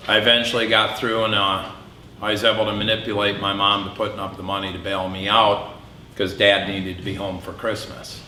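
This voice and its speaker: Middle-aged man telling a dark story, echoey hall. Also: lowish voice, a little hiss or hum. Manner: candid storytelling with dark humor. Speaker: public speaker. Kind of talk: personal testimony speech. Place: event hall. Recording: echoey hall with faint ambience.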